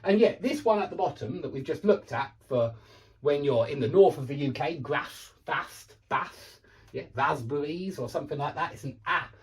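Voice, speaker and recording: A man's voice: a little high, lively intonation, a little fast, darkish tone. A man with a southern English accent teaching pronunciation online, repeating words with exaggerated contrast and chatty asides. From southern England.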